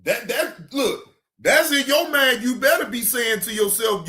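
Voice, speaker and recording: A man hosting a casual reaction stream, ranting in an animated, emphatic and joking way. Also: very high-pitched, measured pace. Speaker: streamer host.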